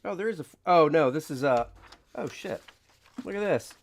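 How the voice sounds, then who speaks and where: A man's voice: fairly high pitch, expressive, normal speed, vocal fry. A man, a comic artist, chatting casually on a livestream, rambling, reading viewer questions aloud and acting out his panels. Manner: rambling, reads chat aloud, acts out panels.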